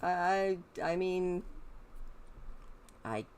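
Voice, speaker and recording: Chatty woman streamer, slow and lively. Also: on the low side, a little hiss or hum. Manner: chatty, talks to her game characters. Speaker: game streamer. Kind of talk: live gameplay commentary.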